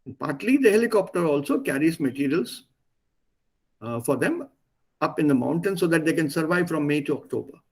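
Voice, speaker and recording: A man's voice: fairly high pitch, animated, fairly quick, slightly rough. A man teaching a language, reading a text line by line and then translating and explaining it.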